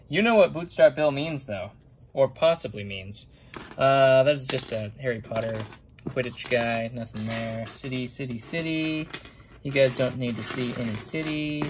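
A man's voice: a little high, slight background noise. A young adult man, a vlogger, rambling in casual running commentary while sorting toy figures, muttering little asides to himself.

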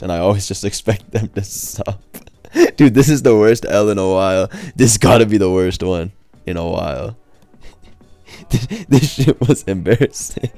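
Deep, gravelly, young man, laid-back, swearing, trash-talking gameplay commentary. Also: dark tone, no room sound. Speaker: gaming streamer. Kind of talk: casual live commentary over gameplay. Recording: faint background music.

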